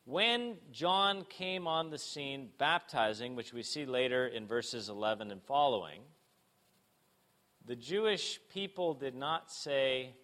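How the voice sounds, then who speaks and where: A man preaching a sermon, asking rhetorical questions and moving between emphatic and hushed delivery. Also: mid-range voice. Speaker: pastor.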